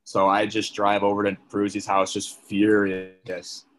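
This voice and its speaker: Young man, podcast guest, casual storytelling, low voice, even monotone delivery, filler "like" throughout. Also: fairly quick, slight background noise. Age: young adult. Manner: chatty, filler-heavy, leans on "like".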